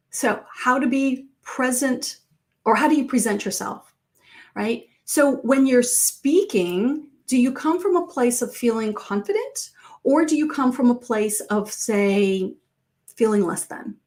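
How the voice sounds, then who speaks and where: A middle-aged woman coaching viewers in a relaxed, conversational way. Her voice sits a little high, and it jumps up sharply whenever she acts out what someone might say. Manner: conversational, acts out quoted phrases with pitch jumps. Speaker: life coach.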